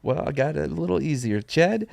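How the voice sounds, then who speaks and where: A man's voice: on the high side, expressive, fairly quick, vocal fry, a little mellow, no echo. A young man hosting a podcast in a rambling, joking casual chat, laughing often. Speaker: podcast host.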